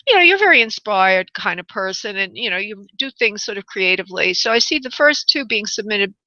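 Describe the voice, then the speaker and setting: A woman from New York with a New York accent, hosting a live call-in radio show as a psychic medium, chatty and pausing to consult spirit. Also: medium pitch, animated, pushed and bright, no room sound, highs cut off. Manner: chatty, pauses to consult spirit, laughs easily.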